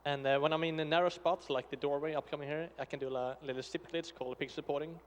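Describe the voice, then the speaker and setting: Fast, slightly high man explaining tricks. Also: fairly even intonation, slight background noise. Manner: technical, explanatory, casual. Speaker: speedrun commentator. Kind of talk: explaining gameplay tricks live.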